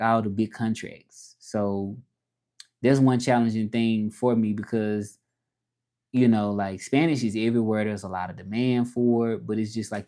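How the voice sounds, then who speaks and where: A man's voice: on the low side, mellow. Man rambling on a livestream. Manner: rambling, restarts, reads chat aloud. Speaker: livestream host. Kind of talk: casual livestream chat, reading comments. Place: home, livestreaming from Mexico.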